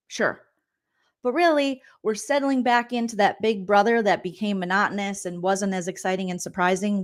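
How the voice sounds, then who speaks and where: A woman comedian hosting a casual reaction vlog, chatty and animated, full of asides. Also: on the high side. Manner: chatty and animated, acts out quotes with lots of asides. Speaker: comedian and reality TV recap host.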